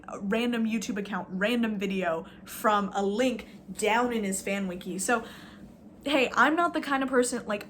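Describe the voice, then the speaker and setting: A woman's voice: mid-range voice, fairly bright tone, a little hiss or hum. A woman vlogging a casual, rambling rant, sarcastic and full of fillers, swearing now and then.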